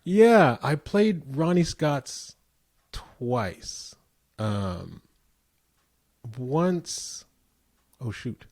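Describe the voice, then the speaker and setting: A middle-aged man guest in an interview, telling relaxed anecdotes with easy laughter. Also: medium pitch, extremely slow, long pauses, no room sound, studio quality. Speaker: guest musician. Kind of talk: casual interview chat.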